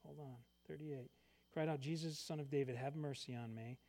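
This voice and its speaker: A man preaching a sermon, reading scripture aloud and swinging between loud emphatic lines and quiet asides. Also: on the high side, steady tone, normal speed. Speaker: pastor.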